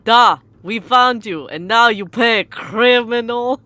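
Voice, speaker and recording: A woman plays a hard-nosed male sailor interrogator from a video game, leaning on a thick put-on Russian accent. He speaks in short, menacing, broken sentences at an unhurried pace, sure he has caught his criminal. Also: fairly low pitch, fairly bright tone, slight background noise. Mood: threatening. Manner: menacing, clipped broken English. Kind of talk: reading game dialogue aloud.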